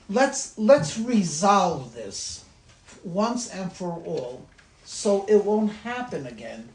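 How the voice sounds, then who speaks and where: Here a rabbi, his male voice high and a touch mellow, runs an informal class in a conversational way. He goes back over his words and is amused by his own examples, heard in a reverberant room with slight noise.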